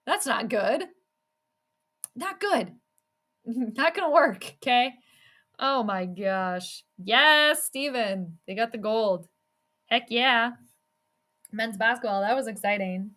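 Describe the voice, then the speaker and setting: Bright-voiced woman calling games casually. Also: fairly high pitch, lively intonation, takes it slowly, long pauses. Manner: chatty, reacting aloud to the games she watches. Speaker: sports streamer doing her own play-by-play. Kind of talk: casual live play-by-play commentary.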